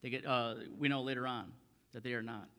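A man's voice: mid-range voice, steady tone, fairly quick, fairly bright tone, in a large hall. A man preaching a sermon as a pastor, reading scripture aloud and then restating it in plain talk with frequent fillers and repeated phrases. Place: church sanctuary.

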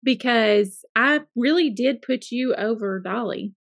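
A middle-aged Southern woman who co-hosts a podcast, chatting loosely and laughing at herself. Her voice sits a little high with a gravelly fry, recorded close and dry. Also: dry recording. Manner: chatty, self-deprecating, quick to laugh. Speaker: podcast co-host, school counselor. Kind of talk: casual chat.

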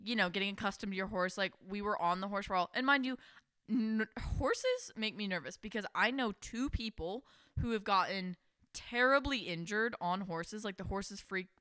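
A young woman tells a story on a podcast in loose, animated chat, leaning on "like" and acting out what people said. Her voice is bright and smooth. The sound is dry and close. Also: medium pitch, moderate pace, no room sound. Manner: animated, heavy use of "like", acts out quotes. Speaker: podcast co-host.

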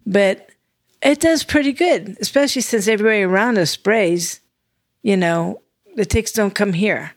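Recorded at studio quality with no echo, the older woman co-host speaks in a mid-range voice at a moderate pace. She keeps the conversation casual, chatty, and self-deprecating.

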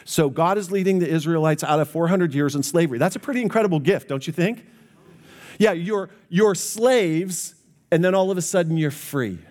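A man's voice: fairly high pitch, normal speed, a little mellow. A man preaching a sermon as pastor, earnest and speaking directly to his congregation.

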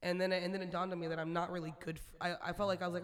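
A woman's voice: fairly low pitch, little pitch movement, racing, a crowd in the background. A woman co-hosting a podcast in a candid, chatty way, swearing freely. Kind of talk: casual chat.

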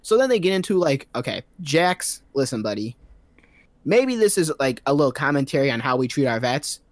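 A man's voice: mid-range voice, very animated, brisk, dry recording. A man giving a rambling, sarcastic recap of a movie's plot in a casual comedic style, full of fillers.

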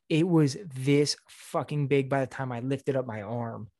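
A man's voice: mid-range voice, a little slow, no room sound. A young man talks in a mid-range voice with a close, dry sound. He tells a story in a loose, profane style and jumps into what people said as he goes. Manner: animated, profane, acts out quotes. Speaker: podcast co-host. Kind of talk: casual chat, storytelling.

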